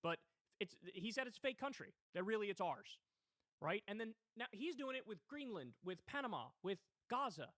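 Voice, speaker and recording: A man's voice: high-pitched, sing-song, normal speed, a bit bright, no room sound, clean studio sound. A man hosting a political commentary livestream, talking in a heated, indignant way with swearing. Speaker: livestream host.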